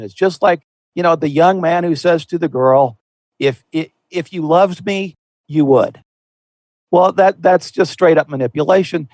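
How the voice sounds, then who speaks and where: A man's voice: a little high, a little mellow, no echo. A man hosting a Christian podcast, explaining in an earnest, folksy way with frequent restarts. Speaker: podcast host. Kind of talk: conversational Christian podcast discussion.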